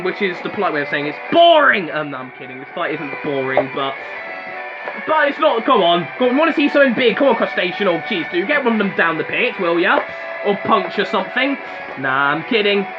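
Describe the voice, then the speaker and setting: A young man calls robot battles with a strikingly high voice, chatty and full of teasing asides. The recording is a bit muffled and lo-fi, with music playing clearly underneath. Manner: joking, chatty, excitable asides. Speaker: commentator. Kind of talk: casual fan commentary of robot fights. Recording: slightly dull lo-fi sound with music behind.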